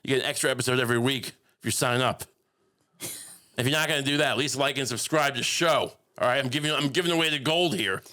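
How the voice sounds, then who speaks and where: A man co-hosting a comedy podcast, talking in deadpan, rambling bits full of restarts. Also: medium pitch, fast talker. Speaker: podcast co-host. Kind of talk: casual comedic podcast banter.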